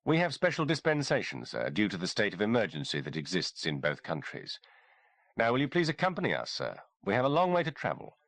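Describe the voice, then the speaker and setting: Casting: man doing courteous English army officer, brisk and formal, low voice, dry close sound. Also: wildly swooping pitch, fairly bright tone, no room sound, heavily acted. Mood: polite urgency. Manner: courteous, clipped, insistent. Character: polite British army lieutenant, brisk and formal.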